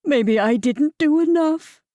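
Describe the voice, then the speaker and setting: A woman narrator voicing a middle-aged wife and mother, heartbroken and choking through tears. The voice sits a little high, gravelly and dry. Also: normal speed, mellow, no room sound, recorded from a distance. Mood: despairing. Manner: choked, tearful.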